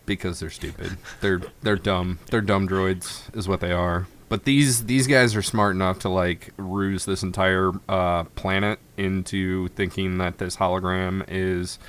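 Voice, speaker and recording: A man's voice: low-pitched, steady tone, a little slow, few pauses, fairly bright tone. A man hosting a casual podcast chat, recapping an episode with laid-back asides. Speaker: podcast host.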